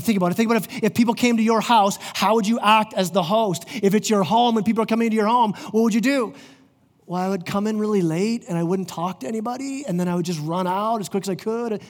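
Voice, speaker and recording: A middle-aged man preaching a sermon as pastor of his church, earnest, often restarting his words as he goes. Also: sits high. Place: church sanctuary. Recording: long hall reverb.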